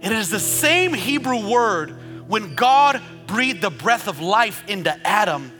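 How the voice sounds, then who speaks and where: A male preacher delivering an energetic sermon to a congregation, swinging between quiet teaching and shouted, rhythmic build-ups. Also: high-pitched, measured pace, in a large hall, music in the background.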